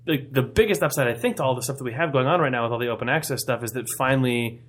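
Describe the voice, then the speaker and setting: A man co-hosting a casual podcast chat, thinking out loud in long, winding sentences. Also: medium pitch, racing. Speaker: podcast co-host.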